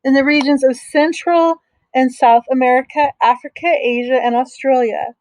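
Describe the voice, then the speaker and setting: Teacher lady reading a kids book out loud, kinda high voice, explains stuff slow and simple, dry close mic. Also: fairly even intonation, no room sound, poor audio. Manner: gentle, explains slowly with simple asides. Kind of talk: reading a picture book aloud to young students.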